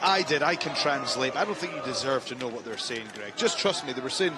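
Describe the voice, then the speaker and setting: A man's voice: mid-range voice, lively intonation, a little fast, over a noisy crowd. A man giving live color commentary at a wrestling show, bantering in a playful, teasing way. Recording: noisy arena.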